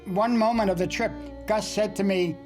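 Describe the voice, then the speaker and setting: Music sits in the background as an older American cartoonist narrates his career for a documentary interview, dropping dry jokes into wry anecdotes. The voice is high and steady, delivered at normal speed.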